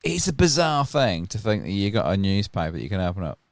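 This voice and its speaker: A man's voice: fairly low pitch, big pitch swings, fast talker, vocal fry, dry recording. A man co-hosting a podcast, chatting bluntly with lots of swearing and laughter. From United Kingdom. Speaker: podcast co-host. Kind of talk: casual sweary banter.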